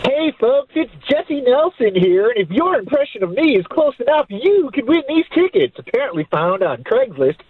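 A man's voice: extremely high pitch, sing-song, moderate pace, hardly any pauses, breathy edge. A man calling in to a radio show, delivering dry jokes in a mock announcer manner over a phone line. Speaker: caller.

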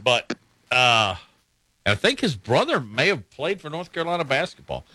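A man's voice: mid-range voice, big pitch swings, moderate pace, sharp tone, dry recording. A man hosting a casual sports talk show, folksy and opinionated, laughing easily. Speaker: sports radio host.

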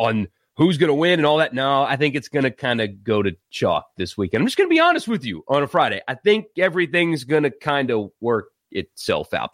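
Chatty, lively sports talk host. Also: male voice, on the high side, no room sound, studio quality. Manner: chatty, laughs at his own jokes, many fillers. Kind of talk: casual sports talk livestream. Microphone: live-stream mic.

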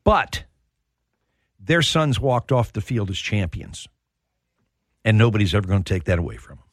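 A man's voice: on the low side, very animated, normal speed, no room sound, clean studio sound. A middle-aged man hosting a sports talk radio show, telling heartfelt stories with plenty of restarts. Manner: heartfelt storytelling.

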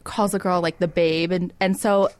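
A woman's voice: fairly low pitch, steady tone, moderate pace, no echo. Young woman, chatty storyteller, casual talk, lots of fillers, dry close mic. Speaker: guest, real estate agent. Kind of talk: casual chat.

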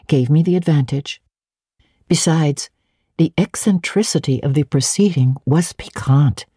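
Low husky woman narrating an audiobook. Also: no room sound, clean studio sound. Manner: expressive, clearly paced reading. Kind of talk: scripted narration of a classic novel.

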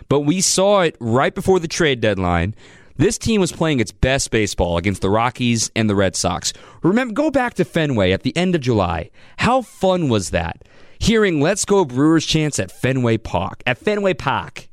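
A man with a mid-range voice hosts a sports talk radio show from a studio, with no echo on the studio microphone. He's energetic and conversational, taking calls and reading out phone numbers.

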